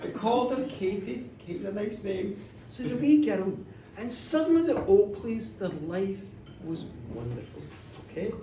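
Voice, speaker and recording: A woman's voice: mid-range voice, normal speed, slight background noise. Playful woman telling a pub ghost story. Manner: animated, playful, asides to the audience. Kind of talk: live comic horror storytelling. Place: pub with live audience. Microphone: room recording from a distance. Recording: echoey pub, heard from far off.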